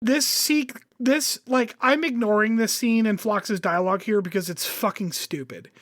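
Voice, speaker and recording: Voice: medium pitch, moderate pace. A podcast co-host ranting casually with lots of swearing and emphatic complaints. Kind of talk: casual chat.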